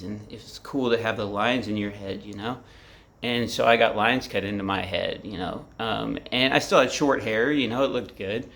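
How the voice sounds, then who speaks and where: Gravelly man rambling about his feelings. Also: lowish voice, a bit bright. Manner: rambling, profane, heavy with fillers. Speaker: vlogger. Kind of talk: candid personal reflection to camera. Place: his apartment.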